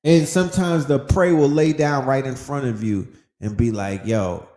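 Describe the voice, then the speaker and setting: A podcast host delivers a casual motivational monologue in an emphatic, preachy style, packed with slang and profanity and repeating phrases for effect. His mid-range voice is dark in tone, with fairly even intonation and a normal speed, and the room sounds echoey.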